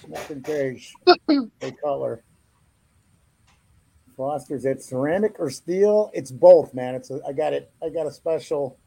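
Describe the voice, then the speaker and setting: A man with a gravelly, creaky voice pitched a little high, trading crude jokes as a guest on a casual sports podcast. His talk is loose and full of banter. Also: lively intonation, a little slow, pauses often, warm tone, poor audio.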